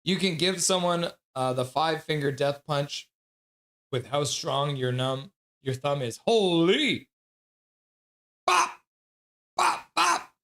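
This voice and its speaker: Chatty male streamer, slightly higher voice. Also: unhurried. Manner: reads chat aloud with frequent laughs and excited outbursts. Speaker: livestream host. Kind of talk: casual live-stream chat.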